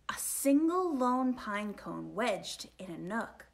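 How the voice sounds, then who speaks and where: Lady doing storytime, high lively voice, slow and bright, sing-songy rhymes. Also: vocal fry. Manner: expressive, sing-song rhyming delivery with whispered moments. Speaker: children's book reader. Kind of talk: storytime read-aloud.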